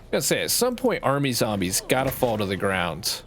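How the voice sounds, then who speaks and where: A man's voice: mid-range voice, wildly swooping pitch, fairly quick, a bit bright, slight background noise. Nasal-sounding Canadian man gaming. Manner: rambling, swears casually, talks to himself. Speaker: game streamer. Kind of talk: casual gameplay commentary.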